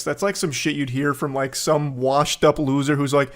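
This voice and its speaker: A man reads out a stranger's text messages and picks them apart with sarcastic, swearing commentary. His voice sits a little high for a man, and he sounds openly incredulous. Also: fairly even intonation, a little fast, few pauses.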